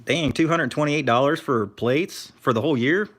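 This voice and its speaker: A man's voice: fairly high pitch, normal speed, fairly bright tone. A man casually chatting on a live stream, telling laid-back stories and thanking viewers in chat. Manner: laid-back storyteller, reads chat aloud. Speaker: scrapper streamer.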